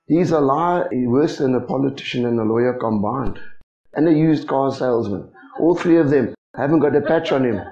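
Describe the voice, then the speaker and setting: A man preaching a sermon, animated and full of rhetorical questions to the congregation. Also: mid-range voice, moderate pace. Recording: echoey hall, dull lo-fi sound.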